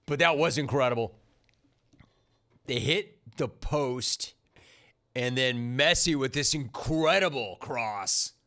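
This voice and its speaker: A man's voice: medium pitch, slow, pauses often, sharp tone. A man hosting a sports talk radio show, riffing and emphatic, on a studio microphone.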